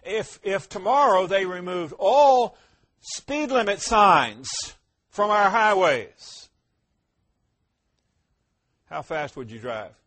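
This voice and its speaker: Preaching a sermon, a high-voiced pastor poses rhetorical questions and answers them firmly. He's expressive and slow, with long pauses, moving between loud emphasis and hushed, low asides.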